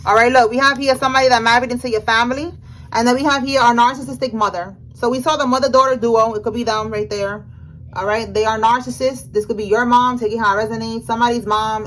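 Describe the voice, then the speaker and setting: Excited woman reading tarot. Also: a little high, slight background noise, low-quality recording. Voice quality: casual slangy speech. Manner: excited, emphatic, talks straight to the viewer. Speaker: tarot reader.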